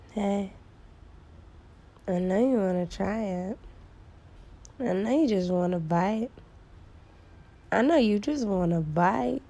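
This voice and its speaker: A woman voicing an odd, giggly character who talks in a hushed, teasing way. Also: high-pitched, pitched above the performer's own voice, full character voice.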